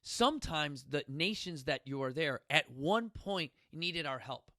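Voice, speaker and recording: A man's voice: fairly high pitch, expressive, measured pace, bright, forceful tone, no echo, studio quality. A man from Chicago hosting a casual motivational talk, rambling, joking and speaking bluntly with some profanity. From Chicago, United States. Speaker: host.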